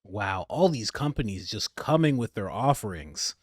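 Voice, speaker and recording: A man doing casual, joking reaction commentary, ranting in an animated way. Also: lowish voice, normal speed, breathy edge, dry recording, clean studio sound, a faint crowd. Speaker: political commentator.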